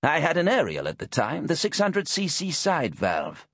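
A croaky, frail old gentleman in his late sixties, hard of hearing, talks fussily and politely and drifts off rambling, as an audiobook narrator puts him on. His voice sits well above the narrator's own, husky and close to a dry mic. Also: on the high side, huge pitch swings, normal speed, dry recording, voice pushed up, heavily acted. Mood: genial. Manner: fussy, polite, rambling about old motorbikes.

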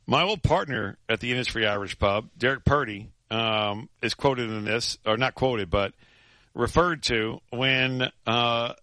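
A man hosting sports radio, telling a story in animated chat full of restarts and laughs. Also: medium pitch, measured pace, no echo.

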